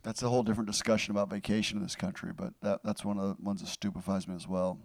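A man who is a comedian and podcast co-host, talking in a relaxed, affectionate, chatty way. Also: lowish voice, very fast, creaky. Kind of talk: casual podcast chat.

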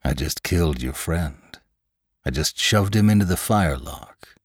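A male narrator doing a cold, menacing corpse come back to life, speaking in a low, quiet voice. The delivery is slow and deliberate, with a dry, close sound. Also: animated, husky, no echo, heavily acted. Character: pale, cold dead man risen from the grave.

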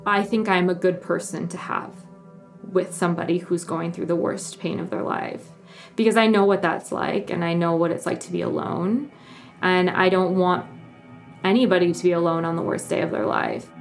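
A young woman shares a personal story in an earnest, emotional way, stopping and restarting as she goes. Her voice sits low and has a gravelly fry to it. Faint music plays underneath. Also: steady tone, moderate pace. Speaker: journalist.

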